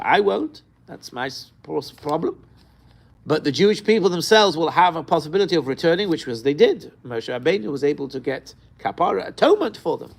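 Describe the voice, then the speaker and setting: A man teaching an informal Torah lesson, animated, asking rhetorical questions and mixing Hebrew terms into his English. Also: on the high side, fairly quick, vocal fry, breathy edge.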